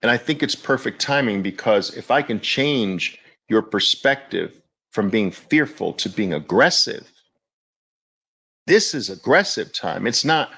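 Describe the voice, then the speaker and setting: Animated, slow-talking male market host. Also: lowish voice, gravelly, breathy edge. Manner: animated, exclamatory, incredulous. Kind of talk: market commentary.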